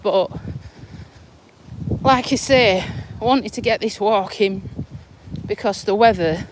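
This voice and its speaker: A woman walks and talks in a casual live vlog, slow and unhurried, swearing freely and a bit out of breath. Wind and outdoor noise come through clearly on her phone recording. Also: mid-range voice. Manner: chatty, blunt, swears casually. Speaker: vlogger. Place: outdoors on a windy walk.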